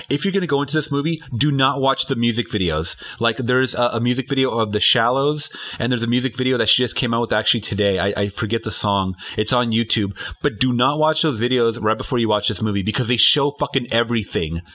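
A man's voice: medium pitch, quick pace, a bit bright. Rambling casual man reviewing a film. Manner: rambling, restarts, swears casually. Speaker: podcast co-host, movie reviewer. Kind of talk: casual chat.

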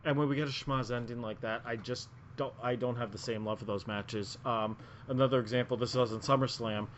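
A man rambles through his picks as a podcast co-host, circling back with frequent ums and restarts. His voice sits at an ordinary middle pitch. The recording is muffled and lo-fi, with a faint hiss underneath. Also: fairly even intonation, a little fast. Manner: rambling, lots of filler words and restarts. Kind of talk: casual wrestling podcast chat. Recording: muffled lo-fi audio.

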